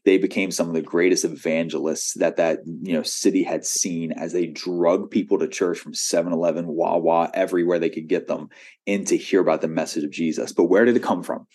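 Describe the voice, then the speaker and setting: Deep-voiced pastor preaching conversationally. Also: male voice, fairly even intonation, brisk, a little mellow. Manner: conversational preaching with frequent "right?" asides; acts out quoted voices in his stories. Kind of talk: sermon.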